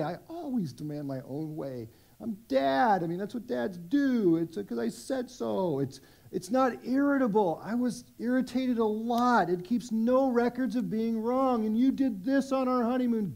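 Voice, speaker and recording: High-voiced man preaching casually. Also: gravelly, darkish tone. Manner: conversational and self-deprecating, many restarts. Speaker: pastor. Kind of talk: sermon. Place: church service.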